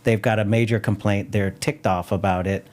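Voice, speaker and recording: A man's voice: lowish voice, fairly even intonation, normal speed, a little mellow. A man hosting a podcast interview, asking the questions in a conversational way and often answering with short affirmations. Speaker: podcast host.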